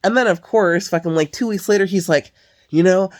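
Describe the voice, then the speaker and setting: A woman's voice: lowish voice, fairly quick. Swearing, exasperated woman venting. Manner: heavy swearing, exasperated ranting; sighs and filler "like" often. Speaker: vlogger. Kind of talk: casual venting monologue.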